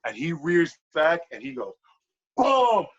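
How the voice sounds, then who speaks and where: A man on a podcast telling a wrestling story in casual, animated talk, swearing a lot and filling with "like". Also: a little high, slow, slightly rough. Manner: animated, profane, lots of "like" fillers. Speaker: podcast guest, pro wrestler. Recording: dull lo-fi podcast audio.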